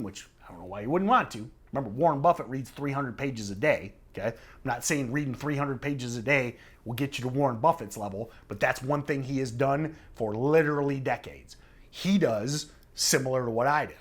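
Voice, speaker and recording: In a relaxed instructional video, a middle-aged trading trainer explains things conversationally, regularly asking "okay?" to emphasize and check understanding. He has a mid-range, fairly bright voice.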